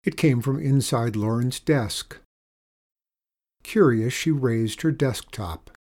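A man reads a children's story aloud in a steady storytelling delivery. His voice is husky and sits at an average pitch. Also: slow pace. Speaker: narrator.

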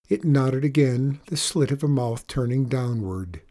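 A man narrating a first-person story aloud in a measured, unhurried storytelling manner. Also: medium pitch, expressive, mellow. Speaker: audiobook reader.

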